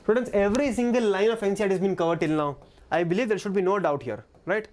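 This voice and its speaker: A woman with an Indian English accent teaches a live online biology exam-prep lesson, repeating key phrases and asking the chat for doubts while sounding a little out of breath. Her medium-pitched voice is slightly mellow and moves at a quick pace.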